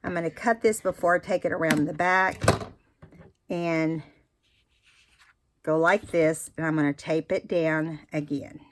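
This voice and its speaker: A woman's voice: sits low, fairly even intonation, a little slow, pauses often. A woman giving a casual craft tutorial, chatty and explaining each step with fillers and restarts. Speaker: craft instructor.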